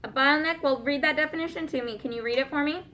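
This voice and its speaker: A woman with a high-pitched, sharp voice teaches a class of young students. She patiently asks questions and slows down to spell out and explain words.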